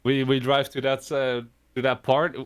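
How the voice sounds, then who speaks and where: A man's voice: mid-range voice, flat delivery, moderate pace, clear, resonant tone. A man, a podcast guest telling rambling stories in casual chat. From Netherlands. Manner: rambling storyteller, laughs while talking.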